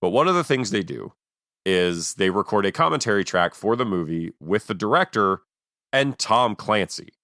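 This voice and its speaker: A man co-hosting a podcast, telling a story in an animated way with dry, sarcastic asides. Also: fairly low pitch, moderate pace, no room sound. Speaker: podcast co-host. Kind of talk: casual chat.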